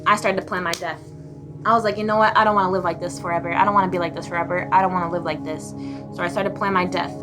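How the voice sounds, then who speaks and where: A woman's voice: on the low side, rapid-fire. A young woman telling her own painful life story in a raw, blunt, confessional way. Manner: emotional, blunt, swearing, swings between raw and flat. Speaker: vlogger. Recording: music playing behind the voice.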